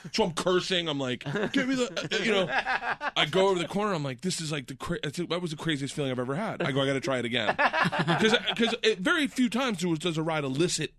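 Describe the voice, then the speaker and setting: A man's voice: fairly high pitch, quick pace. A man in his forties telling wild stories in a casual chat, laughing often and acting out what people said. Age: 40s. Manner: animated, laughing storyteller acting out quotes.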